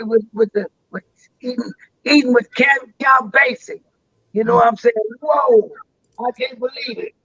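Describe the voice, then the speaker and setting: An older man spins long, rambling stories, often stumbling over and repeating his words. His voice sits high for a man. The sound is dry and a little dull, like a live stream. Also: sharp tone, no room sound. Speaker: interview guest. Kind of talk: storytelling in a live interview.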